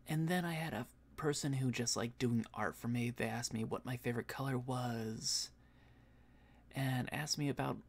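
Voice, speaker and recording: A man who voice acts, chatting casually on a stream, rambling with fillers and soft laughs, a bit tired and yawning. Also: medium pitch, creaky, husky. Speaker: voice actor and streamer.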